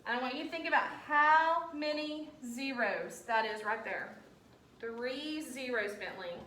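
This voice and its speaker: Woman, teacher; patient, coaxing classroom delivery; higher pitch; distant, roomy room sound with faint background noise. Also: unhurried, bright, forceful tone. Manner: patient, coaxing, talks students through steps. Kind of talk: classroom instruction.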